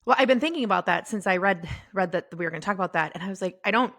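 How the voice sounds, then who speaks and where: A middle-aged woman co-hosting a podcast, talking about her faith in a halting, tearful way. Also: medium pitch, lively intonation, no echo, studio quality. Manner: tearful, halting, soft-spoken. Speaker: podcast co-host. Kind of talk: casual faith chat. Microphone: podcast microphone.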